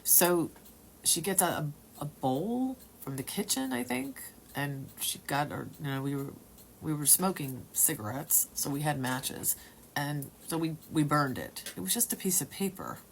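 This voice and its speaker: A woman at home telling a personal story in a rambling, halting way, sometimes dropping to a whisper. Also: low voice, lively intonation, gravelly, a little hiss or hum. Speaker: testimony speaker.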